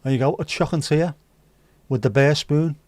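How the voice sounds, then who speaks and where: A man's voice: fairly high pitch, moderate pace, a little mellow, dry recording. A man hosting a casual livestream, bantering cheekily with viewers and swearing freely. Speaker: livestream host serving virtual drinks. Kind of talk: casual chat.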